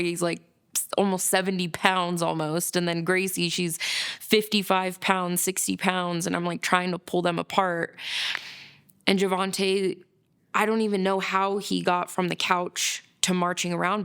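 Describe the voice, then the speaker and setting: A woman in a documentary interview tells a story vividly, acting out what was said along the way. Her voice is smooth and lowish, with a gravelly fry at the edges. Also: fairly bright tone. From United States. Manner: quick, vivid storytelling with acted-out quotes. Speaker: interviewee recounting a frightening night.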